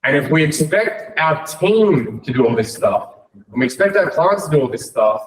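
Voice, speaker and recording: A man's voice: fairly high pitch, big pitch swings, moderate pace. Blunt, swearing male motivational coach. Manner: blunt and profane, many "right?" and "like". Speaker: business coach. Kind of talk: motivational talk to a room. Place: room with an audience. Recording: echoey room, mic at a distance.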